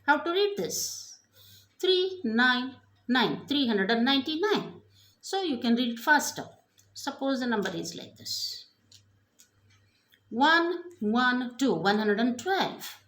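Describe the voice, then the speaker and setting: A woman teaching abacus counts out numbers slowly and deliberately, her pitch high and swinging widely. Her step-by-step prompts carry the patient rhythm of a math lesson. The recording sits in a noticeably echoey room. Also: big pitch swings, fairly bright tone. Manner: slow, deliberate counting aloud with repeated prompts.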